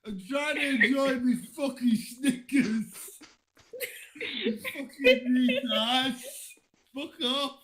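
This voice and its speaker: A man's voice: very high voice, lively intonation, slow pace, a bit bright, a little hiss or hum, pitched above the performer's own voice, full character voice, rough recording. A man playing an irritable British man with a British accent who rants and swears at people for spoiling his snack. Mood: annoyed rant. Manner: ranting, swearing.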